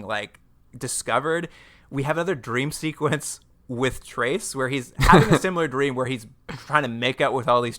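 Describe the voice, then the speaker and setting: A man's voice: mid-range voice, sharp tone. A man hosting a podcast, recapping a show in casual, rambling chat with many restarts. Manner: rambling, lots of "like" and restarts, laughs often. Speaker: podcast host.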